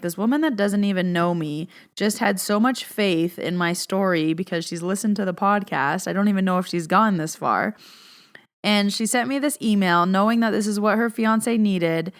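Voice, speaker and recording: A woman's voice: medium pitch, normal speed, clear, resonant tone. A young woman, a podcast host and medium, casually telling a story in a chatty way, filling her talk with "like". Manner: chatty, says "like" constantly, animated retelling.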